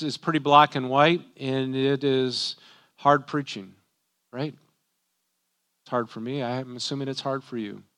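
A man's voice: a little high, bright, forceful tone, smooth. A man, a pastor, preaching a sermon in a conversational way, often tagging rhetorical questions.

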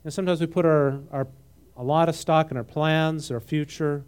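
A man with a fairly high speaking voice leads a conversational sermon. He moves between reading scripture and lively comments of his own, often checking in with his listeners. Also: moderate pace, clear, resonant tone. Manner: animated, asks the audience questions, mixes reading with comment. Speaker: preacher teaching a Bible passage.

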